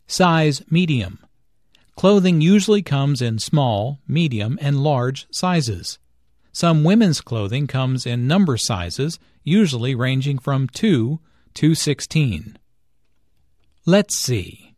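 A man narrating an English lesson in a deliberate, explanatory way, stressing key words clearly. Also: mid-range voice, very animated, a little mellow, dry recording, studio quality.

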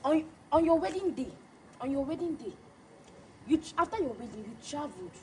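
Actress as a commanding young prophet, high and lively pitch, solemn deliberate delivery. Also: female voice, a crowd in the background, rough recording. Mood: stern. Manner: slow, solemn pronouncements. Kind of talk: skit drama acting.

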